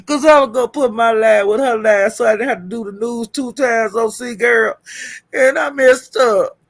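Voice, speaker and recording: A woman's voice: on the high side, unhurried. A woman hosting a live stream who is frantic and flustered, swearing, laughing and calling out to viewers for help. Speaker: livestream host.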